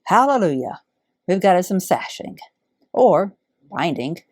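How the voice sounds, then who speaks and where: A middle-aged woman, warmly unboxing donated fabric in heartfelt, awed casual chat. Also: fairly low pitch, big pitch swings, unhurried, pauses often, no room sound, clean studio sound. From Alabama. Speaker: quilting channel host.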